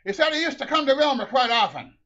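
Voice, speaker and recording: Man doing a high, sing-song old Norwegian husband, dull lo-fi recording. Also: normal speed. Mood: deadpan. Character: old Norwegian Minnesota husband Ole, plainspoken.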